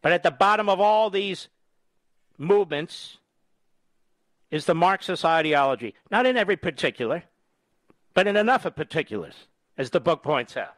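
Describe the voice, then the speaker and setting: A man's voice: high-pitched, lively intonation, normal speed, pauses often, fairly bright tone, no echo. A man in his sixties from the United States, a radio host delivering a combative, scornful political monologue with emphatic repetition. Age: 60s.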